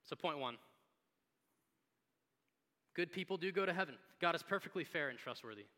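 A man, a pastor, preaching a sermon in a conversational, animated storytelling manner. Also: on the high side, moderate pace. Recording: long hall reverb.

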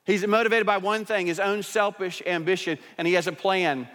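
A man preaching a sermon as pastor, emphatic, swinging between rising intensity and quiet asides. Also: high-pitched, fairly quick, few pauses, long reverb tail.

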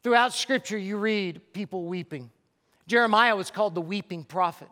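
A man's voice: normal speed, long reverb tail. A man preaching a sermon to a church auditorium, telling stories with passion and dropping his voice for the altar call. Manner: impassioned storytelling, dropping soft and low for the altar call.

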